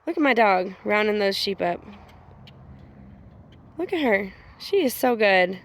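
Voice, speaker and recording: A woman's voice: mid-range voice, expressive, unhurried. A young woman chatting casually as she films her farm animals, rambling and affectionate. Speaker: farm owner. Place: outdoors on a farm.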